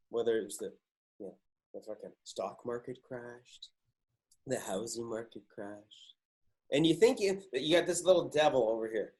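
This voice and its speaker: A man hosting a podcast, talking casually in an emphatic, profane way that hammers his points home. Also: mid-range voice. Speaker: podcast host.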